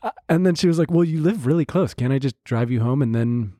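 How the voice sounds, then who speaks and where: A man's voice: medium pitch, lively intonation, quick pace, mellow, dry recording. Man telling a dating story, dry sound. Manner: storytelling with frequent "I was like" quotes and laughs. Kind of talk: casual podcast chat.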